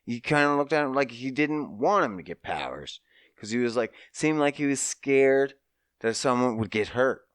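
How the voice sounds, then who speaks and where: A man hosting a casual podcast, telling a story with mocking high-pitched asides and swearing. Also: lively intonation, normal speed, fairly bright tone, clear, resonant tone, no room sound, studio quality. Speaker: podcast host.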